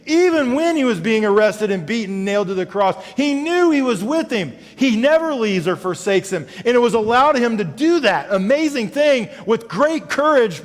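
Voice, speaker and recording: A man preaching a sermon to his congregation. He moves between loud, emphatic calls and low, quiet scripture reading, and he speaks to members by name. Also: long reverb tail. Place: church sanctuary.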